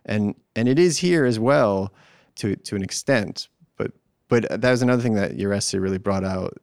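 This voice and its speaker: A man with a low, gravelly voice hosts a film conversation. He trips over his words and restarts often. The sound is dry and close, with no room around it. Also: moderate pace, a little mellow, no room sound. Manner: hesitant, stammering restarts.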